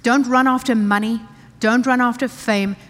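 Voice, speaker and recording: A woman's voice: a little high, fairly even intonation, normal speed. A woman pastor preaching a sermon, reading scripture aloud and repeating key phrases with emphasis. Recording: church hall reverb.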